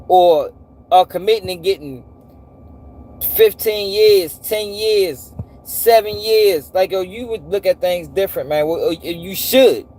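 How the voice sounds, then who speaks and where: A man hosting a live stream, animated and profane, repeating himself and firing off rhetorical questions. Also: sits high, measured pace, a little hiss or hum. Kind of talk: casual commentary to a live audience.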